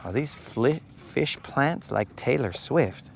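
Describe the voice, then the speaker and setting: Slow-talking laid-back male fishing streamer. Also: medium pitch, lively intonation, creaky, a little hiss or hum. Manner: laid-back, slangy, greets viewers from chat. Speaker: fishing live-stream host. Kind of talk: casual live-stream chat. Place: outdoors on a boat on a lake.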